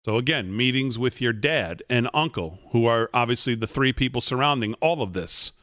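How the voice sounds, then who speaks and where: A man's voice: medium pitch, lively intonation, normal speed, hardly any pauses, a bit bright, dry recording, studio quality. A man reading out points on a political show. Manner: reads messages aloud, lists points. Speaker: host. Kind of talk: political commentary.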